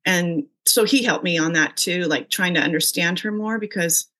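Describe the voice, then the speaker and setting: Bright-voiced, animated mother telling stories. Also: fairly low pitch, normal speed. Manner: animated storyteller, acts out quoted dialogue. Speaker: guest, mother of the host; parent who also coached youth sports. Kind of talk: casual podcast conversation.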